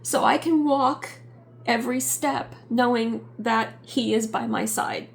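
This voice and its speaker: A middle-aged woman giving a personal vlog update, talking in a halting, reflective way with many pauses and fillers. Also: a little high, vocal fry. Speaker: YouTube channel host.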